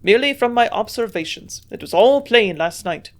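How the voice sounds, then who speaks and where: A woman voicing a gruff old male German scientist with a strong German accent, grunting out his lines louder than her narration. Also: a little high, animated, moderate pace, natural voice. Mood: shrewd.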